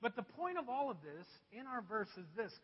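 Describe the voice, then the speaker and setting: Very high-voiced male preacher in a hall. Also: sing-song, fairly quick, husky. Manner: humorous, self-deprecating anecdote telling. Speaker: pastor. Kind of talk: sermon with personal storytelling. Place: church. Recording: dull recording with long hall reverb.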